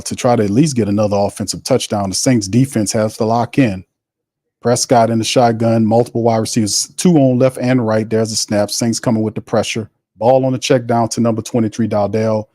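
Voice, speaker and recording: A man hosting a live football watch party, calling plays and chatting with viewers in a loose, excitable way. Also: medium pitch, no echo, studio quality. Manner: excitable on big hits. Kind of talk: casual live-stream play-by-play.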